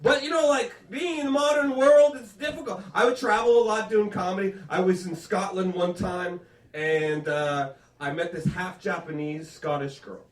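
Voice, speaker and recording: A man's voice: sits high, fairly even intonation, moderate pace, distant mic. A man doing a stand-up comedy set, working the crowd with punchy, profane storytelling. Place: comedy club stage. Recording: roomy live club sound from off-mic.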